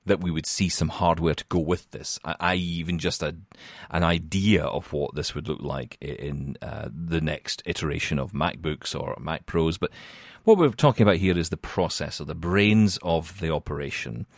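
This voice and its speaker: A man's voice: rumbling low, moderate pace, no echo, clean studio sound. A man hosting a casual tech podcast, chatty and self-mocking with lots of fillers. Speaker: podcast host.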